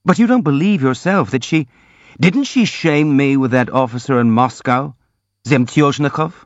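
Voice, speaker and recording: A man reading the part of an earnest, gentle young prince in an audiobook, in a soft, pleading way, recorded dry and slightly dull. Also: mid-range voice, moderate pace, no echo, pitched above the performer's own voice, lightly acted. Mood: troubled.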